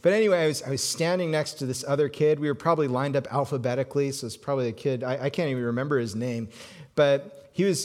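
A male pastor preaching to his congregation in a relaxed storytelling way. He stumbles and restarts often, then sinks to a soft, hushed voice to press a point home. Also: medium pitch, quick pace. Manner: storytelling with many restarts, drops to soft hushed tones for emphasis. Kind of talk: sermon.

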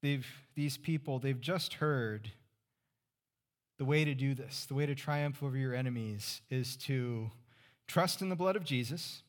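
Conversational preacher with hushed low moments. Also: male voice, unhurried. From California Central Valley. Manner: conversational, rhetorical questions, drops to near-whisper for emphasis. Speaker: pastor. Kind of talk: sermon.

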